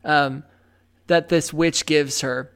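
A woman's voice: low voice, steady tone, slow, clear, resonant tone. A woman co-hosting a podcast in casual chat, chatty and self-deprecating, laughing often. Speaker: podcast co-host.

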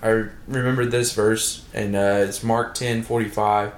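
A man's voice: on the low side, level tone, unhurried, echoey room, slight background noise. A man co-hosting a casual podcast, dropping dry one-liners and sharing a church reflection. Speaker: podcast co-host. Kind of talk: casual chat.

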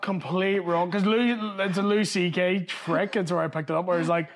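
High-voiced chatty Northern Irish comedian. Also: male voice, moderate pace. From Northern Ireland. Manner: chatty, swearing, animated storytelling. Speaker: comedian guest. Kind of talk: casual pub chat. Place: pub.

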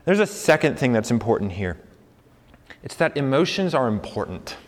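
Man, pastor, conversational sermon, mid-pitched voice, long hall echo. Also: big pitch swings, normal speed. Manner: earnest, conversational preaching.

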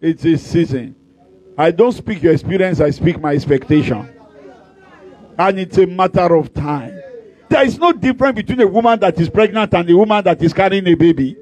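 A man with a Nigerian accent, a pastor preaching a sermon in an animated storytelling way, joking and breaking into sudden shouts. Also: sits high, brisk.

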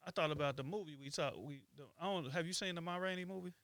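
A man co-hosting a podcast, speaking in casual chat with a reflective, halting manner full of ums and restarts. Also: a little high, a bit bright, no room sound. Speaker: podcast co-host.

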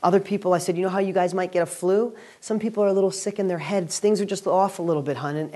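A man hosting a weekly video and speaking to camera as a real estate educator, giving an energetic, upbeat motivational talk. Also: fairly high pitch.

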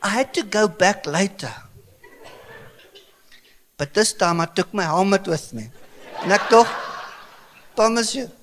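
A South African man in his fifties, an Afrikaans speaker, preaching a sermon with animated, comic storytelling. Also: sits high, a little slow, long pauses, a little hiss or hum. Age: 50s. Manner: animated, comic storytelling with sudden bursts of excitement. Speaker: pastor.

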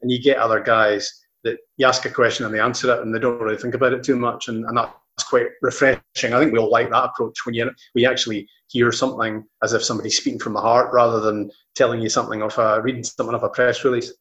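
A middle-aged Scottish man, a football commentator, chats as an interview guest. He tells his stories in a rambling way, restarting his sentences often. His voice sits at a mid pitch, and the recording is slightly dull and lo-fi. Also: flat delivery, fast, fairly bright tone. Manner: rambling, many restarts, anecdotal. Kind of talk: casual interview chat.

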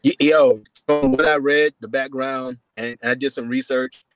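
A man's voice: mid-range voice, steady tone, unhurried, over music. A man appearing as an actor guest on a podcast, talking in an easygoing, slangy way with frequent chuckles. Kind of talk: casual interview chat.

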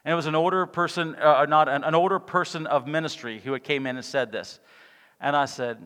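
A male pastor preaching a sermon with passion, swinging between loud exclamations and hushed, quiet lines. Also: a little high, fairly quick, clear, resonant tone. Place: church sanctuary. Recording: long reverb of a church hall.

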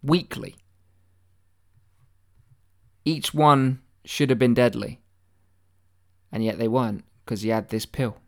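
In an unhurried, medium-pitched voice, a man gives a deadpan, satirical monologue about conspiracies. It is mock-earnest and meandering, peppered with swearing and stammered restarts.

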